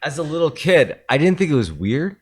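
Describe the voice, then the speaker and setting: A man's voice: a little high, sing-song, a little fast, breathy edge. A man co-hosting a podcast, riffing in crude, joking banter. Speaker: podcast co-host. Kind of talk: casual comedic chat.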